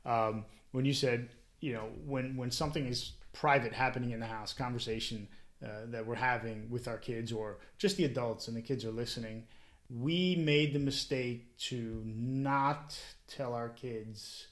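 A man's voice: medium pitch, fairly even intonation, unhurried. A middle-aged man co-hosting a podcast, chatting casually, laughing often and repeating words as he starts sentences. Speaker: podcast co-host. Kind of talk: casual chat.

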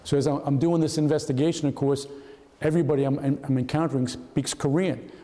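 Speaking a bit quickly, with a voice on the high side, the retired FBI agent in his seventies tells stories as a guest speaker at a historical society hall, where a long reverb tail trails his words. He's animated and mimics the people he quotes.

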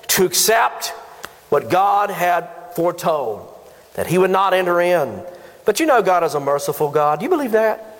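A man with a high voice preaches to his congregation, pressing home his points with rhetorical questions. His words ring out with a long reverb through a church sanctuary. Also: lively intonation, normal speed, a bit bright. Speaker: pastor. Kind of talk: sermon.

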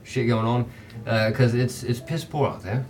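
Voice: mid-range voice, fairly even intonation, moderate pace, darkish tone, natural voice. A man playing a chatty cheery tavern host. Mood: hospitable. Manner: rambling, friendly, sweary. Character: cheery chatty male tavern host, one of many brothers. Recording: distant mic with faint music.

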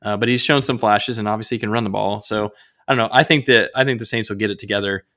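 Lower-voiced relaxed male co-host. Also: fast talker. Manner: relaxed, teasing, hedging with fillers. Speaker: podcast co-host. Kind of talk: casual sports and movie chat.

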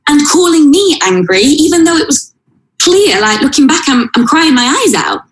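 A woman sits in a room with a noticeable echo, recounting something painful from her own life. She speaks haltingly and with feeling, often restarting her sentences. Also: high voice, sing-song. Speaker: interview guest. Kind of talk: personal account in conversation. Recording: roomy echo.

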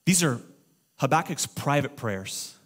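A middle-aged man preaching a sermon as pastor, impassioned and conversational, at times shouting. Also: medium pitch, expressive, a little slow. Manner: impassioned preaching, swings to shouting when quoting prayers.

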